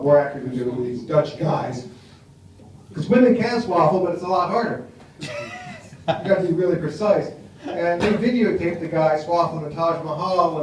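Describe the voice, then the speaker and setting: A man's voice: fairly high pitch, darkish tone. An American man performing a stand-up comedy set in a small café bar, chatting wryly with the crowd. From United States. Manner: wry, chatty crowd work. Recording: echoey room from far off, faint noise.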